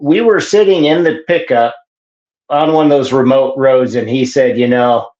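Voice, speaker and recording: A middle-aged man tells a story in a loose, rambling way and leans on "you know" as he goes. His voice sits in a middle pitch. The sound is a little dull and carries the echo of a roomy space. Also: normal speed, a little mellow. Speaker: guest, hunter telling his story. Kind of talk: casual storytelling.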